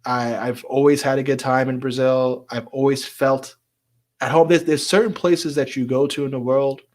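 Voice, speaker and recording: A man's voice: medium pitch, fairly even intonation, moderate pace, darkish tone. A man hosting a live stream in a casual, chatty way, laughing often and repeating words as he talks.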